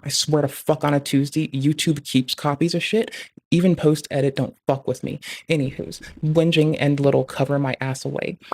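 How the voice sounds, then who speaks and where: A young man with a slightly high voice rambles through a casual live stream. He swears constantly and jumps from one tangent to the next. His delivery is loose, animated and unscripted. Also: moderate pace, vocal fry.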